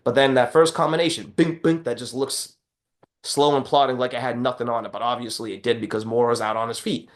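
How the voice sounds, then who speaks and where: A man in casual podcast chat who tells stories with lively, animated energy. He acts out what others said and swears freely as he gets worked up. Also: medium pitch, brisk. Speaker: podcast co-host.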